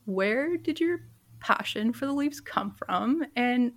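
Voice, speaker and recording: A woman's voice: on the high side, lively intonation, slow. A woman hosting a casual sports podcast, bubbly and giggly, sometimes tripping over her words. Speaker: podcast host.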